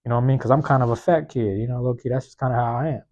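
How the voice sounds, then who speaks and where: A slightly hoarse man hosting his own podcast, talking alone in a casual, slangy way and repeating key phrases for emphasis, recorded with a phone microphone in a small university room. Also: medium pitch, fairly even intonation, rapid-fire, darkish tone, muffled recording. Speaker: podcast host. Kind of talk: solo motivational monologue. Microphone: plug-in microphone on a phone.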